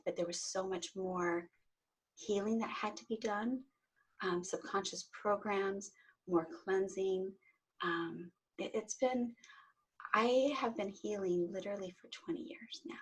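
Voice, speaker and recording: A woman's voice: mid-range voice, breathy edge, low-quality recording. A middle-aged woman, a guest on an interview show, earnestly telling her own story and often repeating words as she starts a sentence. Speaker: interview guest, Reiki teacher. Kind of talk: personal story in conversation.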